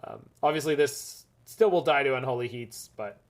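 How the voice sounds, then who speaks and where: A man of middle pitch gives loose, casual commentary on his card game matches. He rambles and jokes, laughing often. His energy jumps from excited high bursts down to low, half-swallowed mutters. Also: moderate pace. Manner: swings between bursts of enthusiasm and low muttering. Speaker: gaming streamer.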